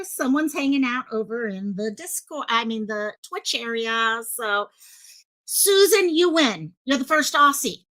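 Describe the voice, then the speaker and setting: Bright chatty woman streamer. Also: fairly high pitch, animated, unhurried. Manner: chatty, greets viewers in chat, many fillers. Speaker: livestream host. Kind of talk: casual live-stream chat. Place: home streaming setup in Hawaii. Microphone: headphones with mic at desk.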